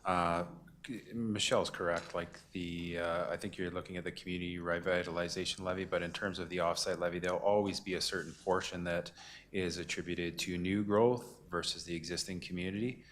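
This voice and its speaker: A man with a very low voice answers through the chair, stumbling at first, then firm. Faint room noise and clicks sit behind him. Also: steady tone, fairly quick, a bit bright. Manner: stammering start, then confident. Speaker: town staff. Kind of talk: council meeting answer.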